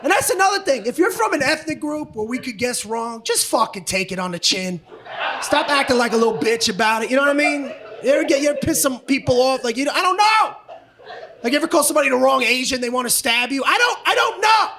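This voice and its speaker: A man doing stand-up comedy on a club stage, ranting profanely and shouting punchlines. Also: very high voice, expressive, quick pace. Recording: live comedy club, noisy audience.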